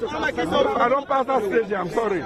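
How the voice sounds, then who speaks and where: A man's voice: very high voice, a little slow. A man with a Krio-influenced Sierra Leonean accent, a presidential candidate speaking insistently and repetitively in an impromptu outdoor interview. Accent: Sierra Leonean Krio-influenced English. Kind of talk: impromptu election-day interview. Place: outdoors in a town. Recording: outdoor crowd noise.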